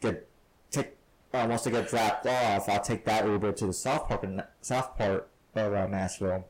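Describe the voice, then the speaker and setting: A man's voice: fairly low pitch, fairly even intonation, moderate pace, poor audio. Male podcast co-host, casual storyteller, frequent laughs. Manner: laughs often while telling stories.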